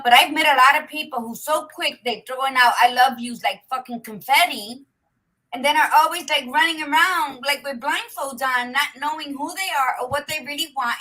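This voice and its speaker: A woman's voice: high-pitched, pushed and bright, rough recording. A woman co-hosting a casual talk show, speaking emphatically and preaching with frequent swearing. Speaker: podcast co-host. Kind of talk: casual chat.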